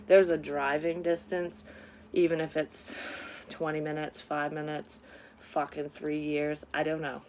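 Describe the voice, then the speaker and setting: A woman with a slightly low voice rambles through a psychic reading for her audience. She talks in loose, unplanned bursts, sighing and dropping curse words as casually as fillers. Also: slight background noise. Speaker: psychic medium doing a reading. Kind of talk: casual spoken reading to viewers.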